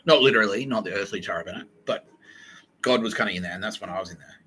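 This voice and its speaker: A young man hosting a podcast, rambling through a profane, excitable solo monologue that jumps from idea to idea. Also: fairly low pitch, a little hiss or hum, poor audio. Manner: profane, excitable, fast-shifting and digressive. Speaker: podcast host.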